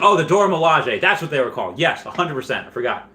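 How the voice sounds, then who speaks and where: A man's voice: a little high, big pitch swings, fast, background noise. A man hosting a casual live stream, reading chat questions aloud and rambling through answers with frequent restarts.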